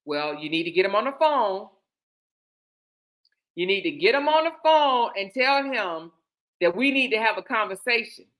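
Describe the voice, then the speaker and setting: A woman voicing a stern but calm father who gives firm, measured commands. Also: medium pitch, lightly acted.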